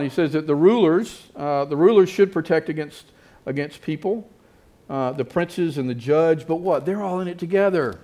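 A man's voice: medium pitch, darkish tone. A man preaching a sermon in a conversational way, often repeating phrases and restarting sentences. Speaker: pastor.

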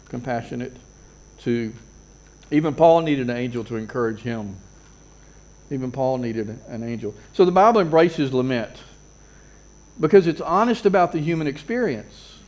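A man's voice: on the high side, darkish tone, low-quality recording. Man preaching with rhetorical questions. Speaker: pastor. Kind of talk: sermon.

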